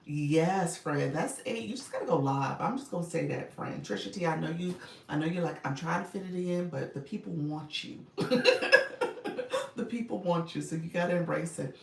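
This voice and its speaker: Low, gravelly woman, upbeat livestream coach, chatty, recorded in an echoey room from a distance. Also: a little fast, a little mellow. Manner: upbeat, chatty, greets viewers by name.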